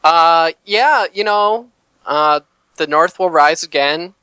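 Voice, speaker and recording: A man's voice: fairly high pitch, slow, pushed and bright, smooth, no room sound, poor audio. A man co-hosting a casual talk show, giving dry, matter-of-fact opinions. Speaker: podcast co-host. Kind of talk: casual chat.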